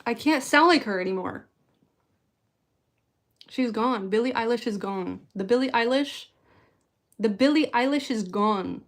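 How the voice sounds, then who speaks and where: A woman's voice: a little high, measured pace, long pauses. A woman streaming live, chatting casually and rambling in a self-deprecating way to her viewers. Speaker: streamer answering chat.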